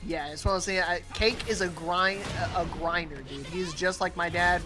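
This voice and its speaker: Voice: medium pitch, fairly even intonation, normal speed, over music. A commentator giving casual, jokey play-by-play of a fighting game tournament. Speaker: esports commentator.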